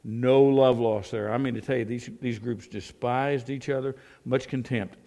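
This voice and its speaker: A man delivers a sermon in a warm, conversational preaching manner. He leans on rhetorical tag questions aimed at the congregation and often stumbles and restarts his phrases. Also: medium pitch, fairly even intonation, moderate pace, creaky. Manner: repeats words and restarts often. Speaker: pastor.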